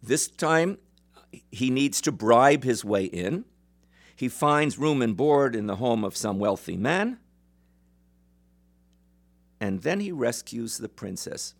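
A man lecturing as he retells a traditional folk tale in a measured way, with some fillers. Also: mid-range voice, big pitch swings. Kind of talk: storytelling lecture.

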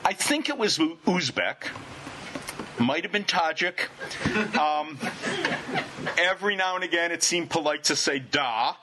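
A man telling a personal travel anecdote to listeners in an animated, wry, self-deprecating way. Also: fairly high pitch, unhurried, long pauses, background noise. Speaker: storyteller.

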